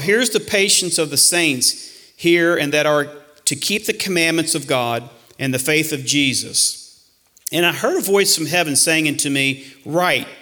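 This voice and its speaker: A man delivers a sermon from the pulpit in a high, bright, ringing voice. He reads scripture slowly and deliberately, then presses his congregation with urgent, emphatic warnings. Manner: preaching with rising emphatic warnings, dropping to hushed asides. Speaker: pastor.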